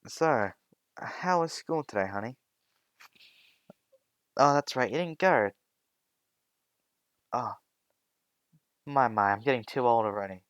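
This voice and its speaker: A man voicing a gentle, teasing mother in a fan-made spoken story. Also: medium pitch, expressive, takes it slowly, long pauses, no echo, dull audio. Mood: fond.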